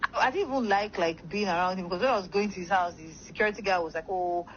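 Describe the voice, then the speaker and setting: A woman's voice: mid-range voice, very fast. A young woman, rambling through a casual story full of fillers. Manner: rambling, many fillers like "like" and "blah, blah". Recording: dull lo-fi sound with faint noise.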